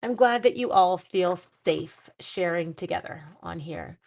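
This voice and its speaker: A middle-aged woman, chatting on a live stream while crafting, warm-hearted and getting teary. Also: fairly low pitch, unhurried. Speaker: livestream crafting host.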